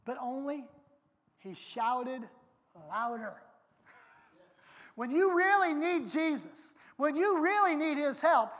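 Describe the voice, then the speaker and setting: A preacher delivering a sermon in an emphatic way, now and then bursting into loud, dramatic quotes, recorded in a large church sanctuary. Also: high voice. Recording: long hall reverb.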